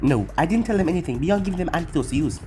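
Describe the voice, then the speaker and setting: A narrator voicing an emotionless young male ninja who speaks flatly and literally. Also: mid-range voice, rapid-fire, soft background music, lightly acted. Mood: deadpan. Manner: flat and literal.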